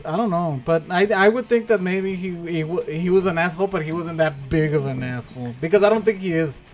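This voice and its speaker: A man co-hosting a podcast in casual chat, animated and swearing a lot. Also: on the high side, fairly quick, faint music behind. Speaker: podcast co-host.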